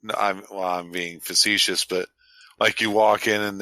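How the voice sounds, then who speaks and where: A man co-hosting a podcast, cracking quick teasing jokes in casual chat. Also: lowish voice, level tone, pushed and bright, no room sound. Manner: wisecracking, quick teasing asides. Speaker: podcast co-host.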